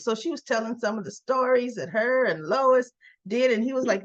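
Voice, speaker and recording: A woman's voice: fairly high pitch, fairly quick, muffled recording. A woman casually recapping a soap opera episode, chatting through the scenes and retelling who said what. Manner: chatty, retells scenes with "she goes" quotes.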